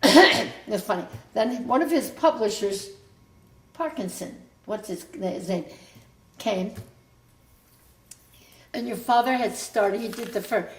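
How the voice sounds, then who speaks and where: A woman's voice: medium pitch, echoey room. An older woman telling stories about her family's past to her grown child in a casual, rambling way, often breaking off mid-sentence and starting over. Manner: rambling, self-interrupting storyteller. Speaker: mother recounting family history.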